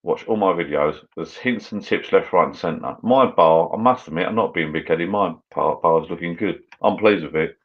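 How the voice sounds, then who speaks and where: With a low-pitched voice at a normal pace, this British man hosts a relaxed live stream on his channel. He sips a drink as he chats and reads out comments from viewers, all in lo-fi sound.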